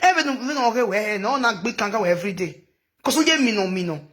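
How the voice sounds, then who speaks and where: Talking animatedly and quickly into her phone, a Nigerian woman delivers rambling gossip commentary for social media, sprinkling in local phrases and frequent laughter. Her voice is medium-pitched with a fairly bright tone.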